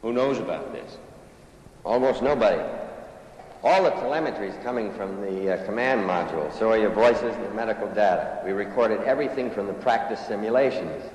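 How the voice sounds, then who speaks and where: A man playing a calm, persuasive film official. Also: lowish voice, close to an everyday voice. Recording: roomy film audio with a long echo.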